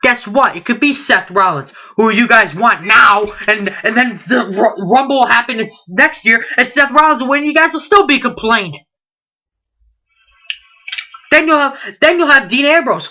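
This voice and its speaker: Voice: mid-range voice, lively intonation, normal speed, few pauses, pushed and bright. A late-teen wrestling vlogger in a heated, indignant rant, firing off rhetorical questions and repeating himself. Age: late teens.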